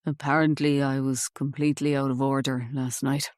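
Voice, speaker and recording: A woman voicing a weary, sheepish, hungover middle-aged uncle who mumbles in a low, weak voice. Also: level tone, normal speed, a little mellow, no echo, clean studio sound.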